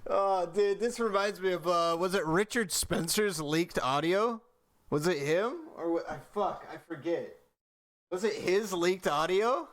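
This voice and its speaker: A man's voice: high voice, a little slow, a bit bright. A young man hosting a reaction video, talking loosely and slangily as he comments, with frequent "dude". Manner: loose, slangy, rambling, says dude a lot.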